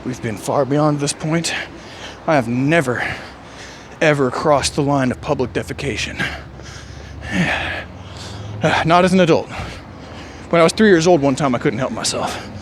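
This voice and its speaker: A slow, rambling vlogger with a slightly high voice talks while running on an outdoor trail in the rain. He muses and jokes with long, drawn-out sighs, and a faint rain hiss can be heard.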